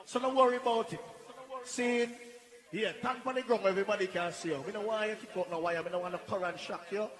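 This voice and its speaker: High-voiced dancehall MC shouting. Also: male voice, fairly even intonation, quick pace. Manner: shouted commands to dancers, laughing patter. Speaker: sound system selector and MC. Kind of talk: live dancehall hype over music. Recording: echoey live sound over loud music.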